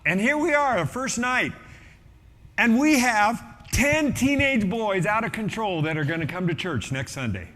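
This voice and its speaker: A middle-aged man, a pastor, telling a story in a sermon with lively energy and acting out the voices of people in it. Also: sits high, moderate pace, long reverb tail. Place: church auditorium.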